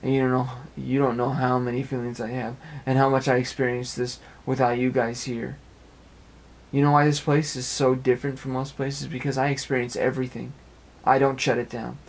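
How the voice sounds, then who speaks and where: A man's voice: medium pitch, flat delivery, a little fast. A young man talking at length in an earnest, rambling personal monologue, repeating phrases as he goes, recorded in an apartment. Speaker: amateur web radio speaker.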